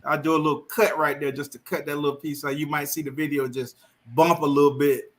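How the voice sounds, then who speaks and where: A man's voice: on the high side, level tone, brisk. A man chatting casually on a live stream, folksy and laughing often. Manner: folksy, laughs often, says "you know what I'm saying". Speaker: guest.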